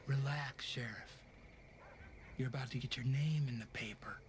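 An actor voicing a brash, cocky male marshal in a video game cutscene, with a brisk delivery. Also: mid-range voice, steady tone, slight background noise, natural voice.

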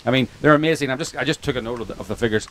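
A man's voice: medium pitch, racing, fairly bright tone, a little hiss or hum. Rambling Irish man giving a speech. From Ireland. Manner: rambling, joking, full of restarts and asides. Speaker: documentary filmmaker giving a speech. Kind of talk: informal speech to an audience. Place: outdoor picnic gathering.

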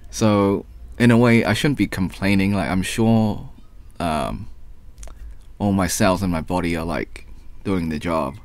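A man with a hoarse, raspy voice from the flu, rambling casually and clearing his throat while talking over his gameplay. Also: low-pitched. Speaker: gaming vlogger.

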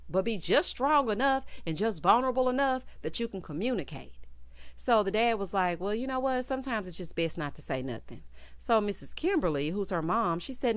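A woman's voice: mid-range voice, fairly bright tone, no echo. Lady doing a sassy tv recap, talking right at you, dry close mic. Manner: sassy, talks straight to viewers. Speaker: TV recap reviewer. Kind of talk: casual reality-show recap.

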